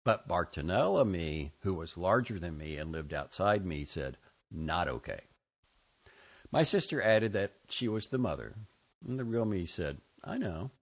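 A man with a very low voice reads a personal memoir, his intonation rising and falling widely as he moves through the scene. The recording is dull and lo-fi, lacking crispness. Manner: measured, expressive reading with lively intonation. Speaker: narrator. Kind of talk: reading a personal memoir aloud.

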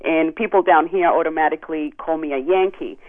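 A woman's voice: sits low, a little fast. A woman from the Dominican Republic, a native Spanish speaker, calling in to a radio show and chatting with lots of ums. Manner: chatty, frequent ums and laughs. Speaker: caller. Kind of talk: casual call-in chat. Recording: tinny phone line.

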